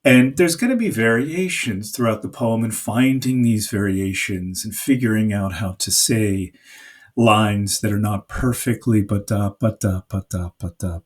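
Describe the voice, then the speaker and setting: Guy explaining a poem real slow, kinda husky low voice, lots of uhs. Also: a little mellow. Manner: slow, patient explaining with fillers, sounds out rhythms. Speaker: teacher. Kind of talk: recorded poetry lesson.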